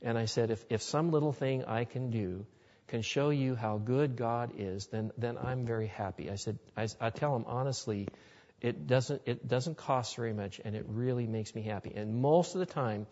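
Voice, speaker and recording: A man's voice: medium pitch, moderate pace, darkish tone. Guy preaching by telling folksy stories, earnest, long echo, muffled lo-fi sound. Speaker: Christian speaker. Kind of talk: storytelling sermon to a live audience. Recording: dull lo-fi recording in a reverberant hall.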